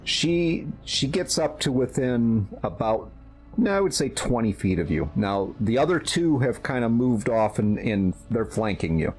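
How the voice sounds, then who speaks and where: A man narrating a tabletop role-playing game as game master, in a slow, measured way with small hesitations. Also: mid-range voice, very animated, darkish tone, breathy edge.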